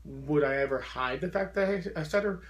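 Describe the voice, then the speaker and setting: A man with a fairly high voice speaks to a support group with a profound stutter, repeating sounds and getting stuck on words. He keeps pressing on in an earnest, encouraging way. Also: brisk. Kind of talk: motivational talk to a support group.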